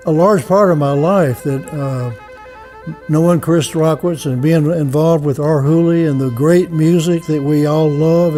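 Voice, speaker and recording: An older man with a Mississippi accent, giving a heartfelt award acceptance speech in a halting way, pausing to search for words. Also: fairly high pitch, dark tone. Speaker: award recipient, blues musician.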